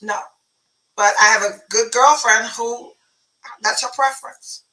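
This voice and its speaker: Brief: woman, fifties, bright and crisp, confident, mic a little distant. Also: on the high side, fairly even intonation, a little slow. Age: 50s. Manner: confident, matter-of-fact. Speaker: relationship guru and talk show guest. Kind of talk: casual chat.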